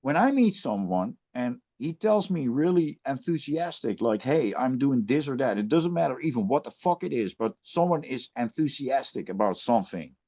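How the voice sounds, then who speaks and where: A man's voice: mid-range voice, sing-song, moderate pace, hardly any pauses, dark tone, muffled recording. A man who plays in a death metal band, ranting bluntly and with plenty of swearing in a casual podcast chat.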